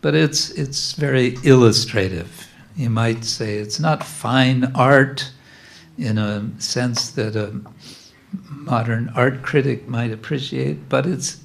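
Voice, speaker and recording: A man giving a devotional class about religious paintings, speaking in a halting, gently humorous way with many fillers. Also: mid-range voice, creaky.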